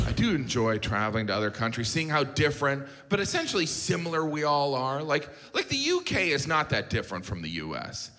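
A man's voice: fairly high pitch, big pitch swings, normal speed. A man doing stand-up comedy on stage, with a wry, incredulous and mock-outraged delivery. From United States. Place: stage before a laughing audience. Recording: live show with audience noise.

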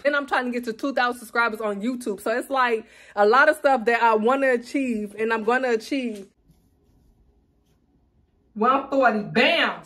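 A woman's voice: a little high, fairly bright tone. A woman talking casually to her viewers from home in a bathroom, chatty and direct, often calling them y'all and honey. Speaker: vlogger. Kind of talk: casual chat to camera.

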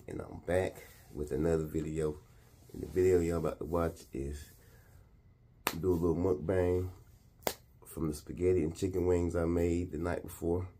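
Laid-back man with a very deep voice. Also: flat delivery, moderate pace, warm tone. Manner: laid-back, slangy, talks between bites. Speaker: mukbang vlogger. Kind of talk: casual eating vlog.

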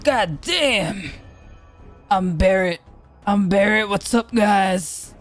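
A woman doing a swaggering tough guy who drags every word out, slow and forced down into a low gruff drawl. He sounds proud of himself and of his gun. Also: faint music behind.

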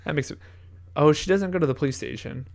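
A young man co-hosting a gaming podcast in casual, animated chat, swearing freely and acting out the people he quotes. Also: a little high, quick pace, vocal fry. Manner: animated, swears a lot, acts out quoted voices. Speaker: podcast co-host.

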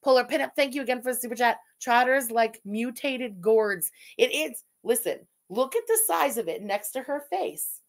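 High-voiced woman mocking a video. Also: animated, moderate pace, hardly any pauses. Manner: crude, mocking, bursts into laughter and shrieks. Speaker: streamer commentator. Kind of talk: live-stream reaction commentary.

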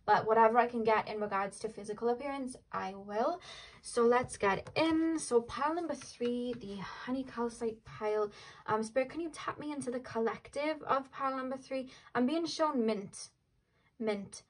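A woman's voice: on the high side, moderate pace, poor audio. A young woman giving a casual tarot reading to camera, chatty and rambling with lots of fillers. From Wales. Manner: chatty, rambling, frequent "like" and "um" fillers, laughs easily. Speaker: tarot reader.

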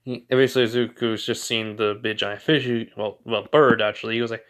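A man's voice: on the low side, fairly even intonation, fairly quick, hardly any pauses, a bit bright. A young man casually retelling a fan story, rambling with many fillers and restarts.

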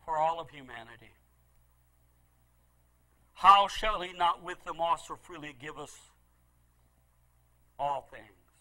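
A middle-aged male pastor preaching a sermon, telling a story with great feeling and swinging from loud pleading to hushed, low asides. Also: slow, long pauses, poor audio.

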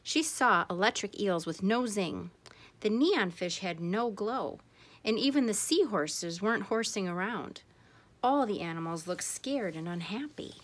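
A woman reads a children's picture book aloud with an expressive storytelling manner. Her voice is bright and clear, and her pitch moves in a lively way from line to line. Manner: expressive, animated character voices. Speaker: storytime reader.

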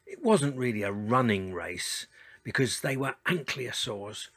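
A man reads a picture-book story aloud, slow and unhurried, with a slightly husky tone. His pitch swings widely as he voices the characters. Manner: lively, expressive reading with voiced characters. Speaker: storyteller reading to children. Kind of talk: children's story reading.

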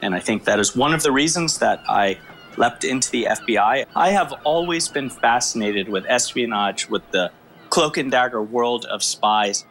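A man, a former FBI agent, recounting his experience in animated storytelling, acting out the dialogue. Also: mid-range voice, moderate pace, a little hiss or hum. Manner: acts out quoted dialogue with lively shifts.

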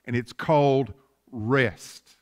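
A man's voice: medium pitch, slow. A man preaching a sermon as pastor, asking fervent rhetorical questions.

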